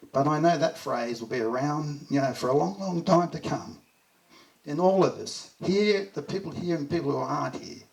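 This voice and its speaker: A man's voice: medium pitch, creaky. Heartfelt Australian man, distant mic. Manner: heartfelt storytelling, chuckles through anecdotes. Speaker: eulogy speaker. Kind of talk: memorial speech. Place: memorial gathering.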